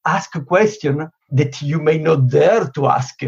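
Guy, husky slightly high voice, lots of "you know", muffled lo-fi sound. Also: measured pace. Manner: explanatory, many "you know" fillers, animated emphasis. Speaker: negotiation expert guest. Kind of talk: interview answers. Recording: dull lo-fi sound.

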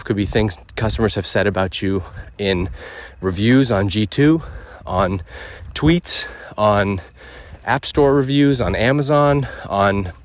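A podcast host with a fairly low voice rants emphatically and casually while out walking, a bit short of breath. He ticks through points in a punchy checklist style, with no echo on the sound.

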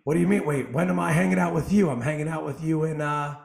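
Hoarse, upbeat male podcast host. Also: fairly high pitch, reverberant. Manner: energetic, joking, quick asides. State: hoarse from coaching. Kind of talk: casual chat.

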